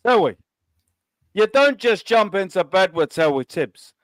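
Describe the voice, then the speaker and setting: A brash, insistent wheeler-dealer, as a man puts him on in a comic impression. The voice sits higher than usual and swings up and down, with a swaggering, cocky push. It sounds dry and close, with little room around it. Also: sing-song, measured pace, dry recording. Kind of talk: comedic impression in chat.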